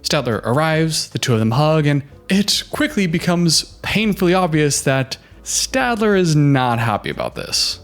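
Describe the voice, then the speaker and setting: A man's voice: on the high side, very animated, measured pace. Chatty man giving reality TV commentary. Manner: chatty, opinionated, advice-giving. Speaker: reaction commentator. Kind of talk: casual reaction commentary.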